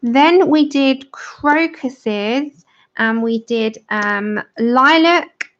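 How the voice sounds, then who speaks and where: A woman's voice: high-pitched, extremely slow, a bit bright, slight background noise. A British woman hosting a livestream, chatting casually with viewers while colouring, laughing often and answering comments. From Britain. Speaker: livestream host. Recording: dull lo-fi stream audio.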